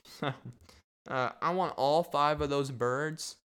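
A man's voice: a little high, slow pace, fairly bright tone, smooth. A young man hosting a casual solo podcast, rambling and joking, laughing at his own bits. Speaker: podcast host.

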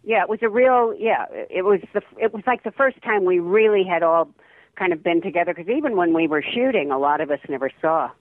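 A woman's voice: fairly low pitch, animated, fairly quick, no echo. Older woman on a tinny phone line. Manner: chatty, rambling with many restarts and laughs. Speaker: actress guest. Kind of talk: casual phone interview. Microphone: telephone.

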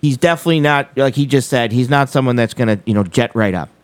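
A man's voice: mid-range voice, quick pace, no room sound. A man hosting a live show, commenting on a clip, repeating key points with emphasis. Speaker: host commenting on a played clip.

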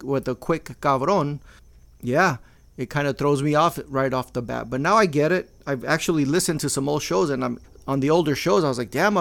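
A man's voice: medium pitch, gravelly. An older man hosting a podcast, talking casually in a blunt, profane way and mixing in Spanish slang. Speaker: podcast host. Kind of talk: casual monologue.

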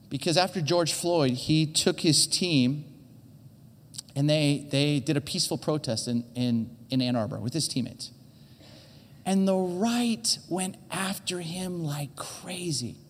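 A teaching pastor, male and earnest, delivers a conversational sermon on a church stage, frequently stumbling and repeating words. His slightly high, fairly bright voice rings with the long reverb of a large hall.

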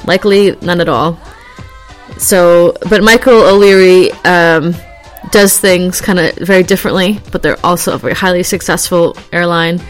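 Woman, casual vlog chat, rambling, laughs easily, faint music behind. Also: on the low side. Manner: chatty, rambling, laughs easily, animated when acting out scenes. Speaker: vlogger.

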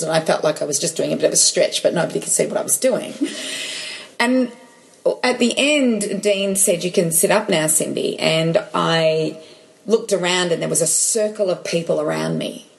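A woman's voice: mid-range voice, gravelly. A woman chatting and telling a personal story, full of restarts and quoted dialogue. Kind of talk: casual chat, personal story.

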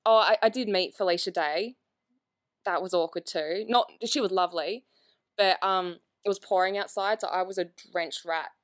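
A woman's voice: lowish voice, moderate pace. A woman guest on a podcast, chatting casually, self-deprecating and laughing often. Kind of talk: casual chat.

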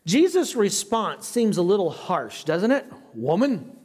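A man's voice: high voice, big pitch swings, unhurried, darkish tone. A man with a slight foreign accent, a pastor teaching a Bible study in a conversational way and asking his class questions. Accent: non-native English.

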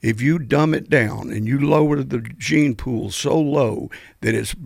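An older man, his voice gravelly and fried at the edges. He tells road stories with animation and lectures firmly about the music trade. The sound is close and dry. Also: medium pitch, measured pace, dry recording. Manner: animated storyteller, preachy about the music business. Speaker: guest musician. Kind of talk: storytelling in a podcast interview.

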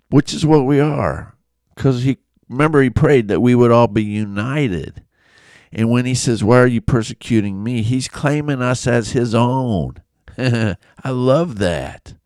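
A man from Illinois giving a casual Bible study talk, conversational and animated, with storytelling asides. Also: fairly low pitch, no room sound, clean studio sound. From Illinois, USA. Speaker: Bible teacher.

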